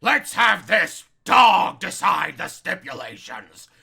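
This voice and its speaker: A man voicing a blustering old male wrestling boss, with a gravelly, raspy voice that shouts and barks orders in a comedy parody. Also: high voice, sing-song, takes it slowly, exaggerated voice. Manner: barking, domineering.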